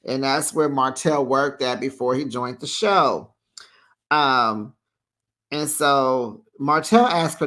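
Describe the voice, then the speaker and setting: A host recapping a reality show in a casual, chatty way, with playful shade and lively asides. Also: medium pitch, takes it slowly. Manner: animated, chatty, playfully shady.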